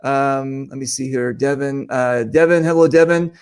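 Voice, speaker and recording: An excitable man from the United States, chatty as he hosts a live stream and reads out viewer greetings. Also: mid-range voice, moderate pace, clear, resonant tone. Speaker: show host. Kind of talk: casual live-stream chat.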